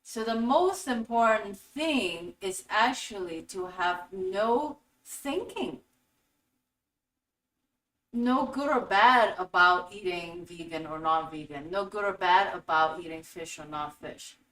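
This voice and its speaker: A woman hosting a spiritual teaching talk, telling stories in an animated way and acting out quotes. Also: medium pitch, takes it slowly. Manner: animated storytelling with acted-out quotes. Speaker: host. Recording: echoey room, voice from a distance.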